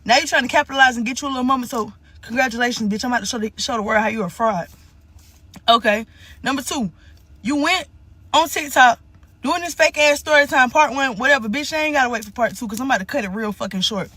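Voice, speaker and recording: A woman rants to camera, angry and profane. Her voice is high and bright with a sharp edge. The sound is dry and close. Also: fast talker, breathy edge, no room sound. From Columbia, South Carolina. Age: 20s. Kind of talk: casual rant to camera.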